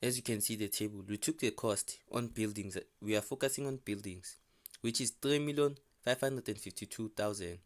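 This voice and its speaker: A man teaching an accounting lesson as a screen-recorded voice-over, walking through a question paper step by step and repeating each figure slowly. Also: lowish voice. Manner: repetitive, restating figures slowly. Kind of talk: step-by-step tutorial explanation.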